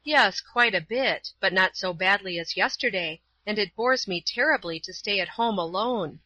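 A woman's voice: medium pitch, normal speed, pushed and bright, dull audio. A woman voicing a stubborn, resentful young schoolgirl in a storybook reading, complaining indignantly.

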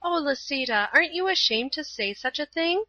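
A woman voicing a gentle, tender-hearted young schoolgirl in a storybook, with a soft, pleading manner. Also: high voice, lively intonation, moderate pace, no room sound, lo-fi sound, voice pushed up.

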